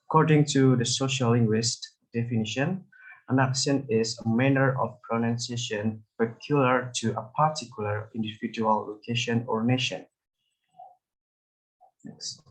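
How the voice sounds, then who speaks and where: Young man giving a halting class talk. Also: medium pitch, slightly rough, rough recording. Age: young adult. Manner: explains haltingly with many fillers. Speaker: student presenter. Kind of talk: class presentation.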